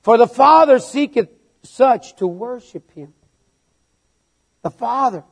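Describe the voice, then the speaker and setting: High-voiced preacher with halting repeats. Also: male voice, lively intonation, slightly rough. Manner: halting, repeats words, rising to emphatic refrains. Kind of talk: sermon.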